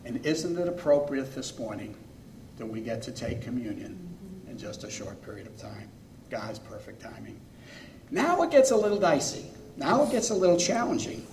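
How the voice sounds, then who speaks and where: A man preaching a sermon as a pastor, earnest, pausing phrase by phrase and swinging between loud and soft. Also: medium pitch, big pitch swings, a little hiss or hum. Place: church sanctuary. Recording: echoey room, mic far off.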